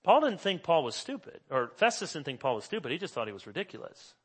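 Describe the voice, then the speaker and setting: A middle-aged male pastor preaching a sermon, swinging from hushed asides to loud emphasis. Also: a little high, very animated, fast talker, husky.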